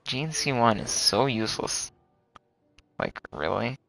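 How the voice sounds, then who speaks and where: A young man streaming a game live, chatting casually and groaning loudly when his luck turns bad. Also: medium pitch, animated, slow pace, gravelly, soft background music, poor audio.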